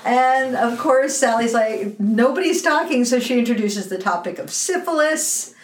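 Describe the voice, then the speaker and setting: A woman co-hosting a podcast, retelling film scenes in an animated way and mimicking the characters. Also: a little high, a little slow, roomy sound, distant mic, noisy background. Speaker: podcast co-host. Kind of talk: casual film discussion.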